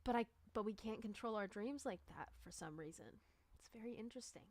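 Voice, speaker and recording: A woman's voice: medium pitch, lively intonation, brisk. A woman chatting casually on a livestream, rambling and peppering her talk with "like.". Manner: rambling, chatty, many "like" fillers. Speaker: livestreamer and musician.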